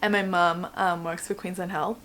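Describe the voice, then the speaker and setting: A woman's voice: on the low side, flat delivery, normal speed, fairly bright tone, a little hiss or hum. A young woman with an Australian accent, telling a story in a casual, chatty vlog, full of swearing and "like". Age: young adult. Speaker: vlogger.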